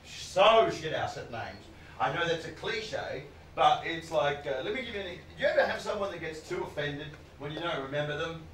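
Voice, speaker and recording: Male stand-up comic, high voice, shouty mocking rants, roomy live recording from a distance. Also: expressive, normal speed, slight background noise. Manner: loud, sweary, mocking rants. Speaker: stand-up comedian. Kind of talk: stand-up comedy set. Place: comedy club stage with live audience. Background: audience laughter.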